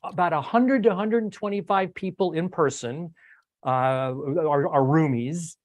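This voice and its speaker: An older man hosts a relaxed talk with a slightly high voice, rambling and restarting his sentences with plenty of fillers. The sound is dry and close, with no room behind him. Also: unhurried, dry recording. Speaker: host. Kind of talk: casual recap talk on a video stream.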